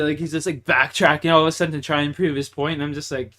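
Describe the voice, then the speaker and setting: A man's voice: a little high, steady tone, fast talker, hardly any pauses. A young man with a Canadian accent, chatting and ranting casually and profanely while streaming a game. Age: young adult. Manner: profane, ranting, swings between loud and mumbled. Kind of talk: casual chat while gaming.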